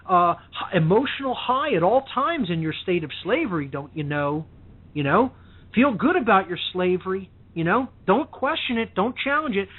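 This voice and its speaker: A husky-voiced man speaks over a thin, tinny phone line as a radio guest. He lectures with fervor, stressing each point and checking in with "okay?" between them. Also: high-pitched. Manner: emphatic, repeats "okay?" to drive points home. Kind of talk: impassioned lecturing talk. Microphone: telephone.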